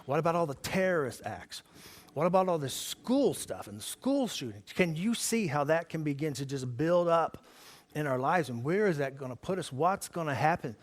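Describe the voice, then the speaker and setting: A man's voice: a little high, sing-song, normal speed. A man preaching a sermon as pastor in a church service, talking to the congregation in a conversational way and asking them questions.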